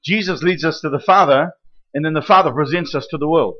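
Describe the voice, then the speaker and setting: A man with a high voice preaches a sermon, teaching in a lively way and often pausing to ask his listeners if they follow. The recording is muffled and lo-fi, with the top end rolled off. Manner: lively teaching preacher, rhetorical questions and checks with the room. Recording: dull lo-fi recording.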